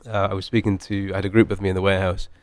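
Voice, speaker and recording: Distiller with a light Scottish lilt, forties, talks fast and chatty, lower voice. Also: male voice, little pitch movement, no echo. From Scotland. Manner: chatty, rambling with many fillers and restarts. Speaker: master distiller. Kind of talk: casual podcast interview.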